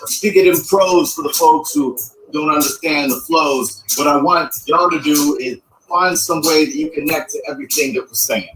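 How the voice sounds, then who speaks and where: A man's voice: mid-range voice, background noise. A man hosting a freestyle jam, rapping loosely and chatting between rhymes. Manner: laid-back rhyming, chatty asides. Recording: echoey room, mic at a distance.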